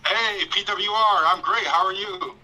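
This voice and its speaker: A male caller with a high, very sharp voice phones in to a livestream. He talks bluntly and casually, agreeing readily with the host. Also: a little slow, low-quality recording. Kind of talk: casual call-in chat.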